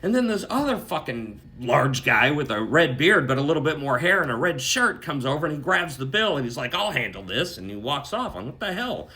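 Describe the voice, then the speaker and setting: Man, casual storyteller, profane, slightly high voice, very animated, bright tone. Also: fairly quick, few pauses. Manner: profane, animated, keeps adding "right?". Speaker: storyteller recounting a dream.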